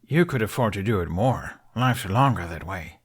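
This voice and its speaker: A man's voice: on the low side, lively intonation, moderate pace, breathy edge. A man voicing a nervous young prince who stammers and trips over his words, earnest and flustered.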